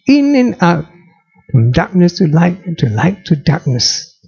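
Gravelly, animated man preaching. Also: high-pitched, unhurried, dull audio. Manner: dramatic, rhetorical questions. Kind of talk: sermon.

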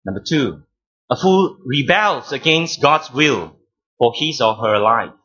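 A man preaching a sermon as pastor, teaching deliberately, stressing key words and repeating phrases. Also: mid-range voice, animated, sharp tone, slightly rough, dull audio.

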